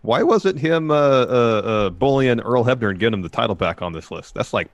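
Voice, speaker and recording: A middle-aged man co-hosting a podcast, teasing his partner with wry, deadpan comebacks while they go over a wrestling show. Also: mid-range voice, a little fast, no room sound. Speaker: podcast co-host. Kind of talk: casual wrestling recap chat.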